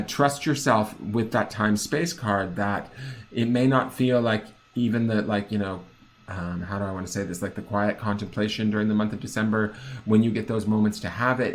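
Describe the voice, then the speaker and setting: A man with a fairly low voice talks through a tarot reading in a loose, conversational way. He hunts for words, leans on fillers and keeps asking whether it makes sense. His delivery lilts upward at times. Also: slight background noise. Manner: chatty and searching, full of fillers and checks for understanding; lilting, upspeak-prone delivery. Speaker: tarot reader. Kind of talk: casual spoken tarot reading.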